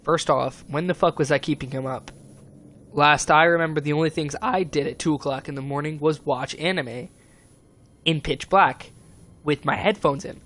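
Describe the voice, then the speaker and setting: Teen guy on stream venting, kinda high voice, rambly and cussing a lot. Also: moderate pace, a bit bright. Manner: upset, rambling, heavy swearing. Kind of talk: casual venting monologue.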